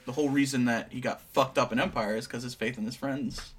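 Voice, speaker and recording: A young man chatting casually, recapping scenes in a relaxed, offhand way and tossing in quick asides. His voice sits at an average pitch for a man. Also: slightly rough. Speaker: co-host. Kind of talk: casual chat.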